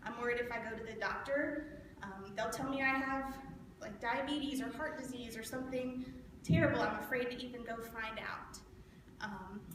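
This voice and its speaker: A woman's voice: fairly high pitch, close to an everyday voice. Woman as an anxious, hesitant woman; distant, reverberant hall with noise behind. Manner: hesitant, full of ums. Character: anxious, insecure woman struggling with weight. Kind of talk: live stage monologue. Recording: echoey hall from far off, noisy.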